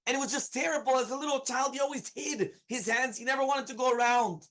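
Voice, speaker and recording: Earnest rabbi telling a story. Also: male voice, very high-pitched, steady tone, fast talker, a bit bright, rough recording. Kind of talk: storytelling Torah lesson.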